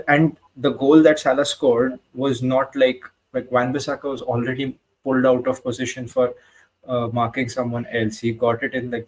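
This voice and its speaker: Brief: man in a mid-range voice, blunt and sweary, giving a lively football match reaction. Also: medium pitch, rough recording. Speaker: football podcast co-host. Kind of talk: casual match-reaction chat.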